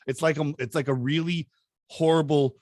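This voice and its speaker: A man's voice: on the high side, fairly even intonation, normal speed, darkish tone, no echo, studio quality. A man hosting a casual podcast chat, laughing often and chiming in. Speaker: podcast host.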